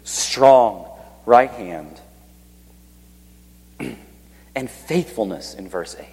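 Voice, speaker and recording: A man's voice: on the low side, animated, drawn-out words, darkish tone, husky. A man preaching a sermon, reading scripture aloud with swelling emphasis and then dropping to a near whisper when he speaks of awe. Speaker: pastor. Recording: long hall reverb.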